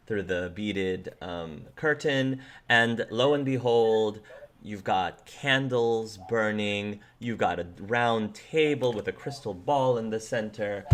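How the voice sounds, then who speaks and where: A man acting as game master, narrating scenes loosely and descriptively, with frequent restarts. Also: on the low side.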